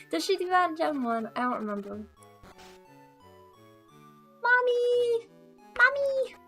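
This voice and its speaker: A woman's voice: sits high, expressive, a little fast, fairly bright tone, faint music behind. Bubbly, chatty woman streamer. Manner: bubbly, chatty, laughs often. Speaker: VTuber game streamer. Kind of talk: casual gaming chat.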